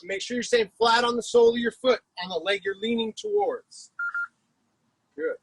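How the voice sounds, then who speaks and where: Male workout coach, very high voice, gravelly, shouting countdowns. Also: normal speed, no echo, rough recording. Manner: energetic, shouts cues and countdowns. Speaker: fitness coach. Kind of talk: live-streamed workout coaching.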